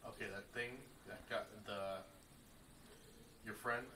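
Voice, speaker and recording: A soft-spoken young man plays a fiancé just waking up, his lowish voice slow, drowsy and casual with fairly even intonation. The recording sounds roomy, distant and noisy.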